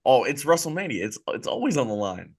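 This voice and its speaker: A man hosts a casual podcast chat in an ordinary mid-range voice. He hypes things up with bursts of excitement, then drops into low, trailing mutters. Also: a little fast. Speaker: podcast host.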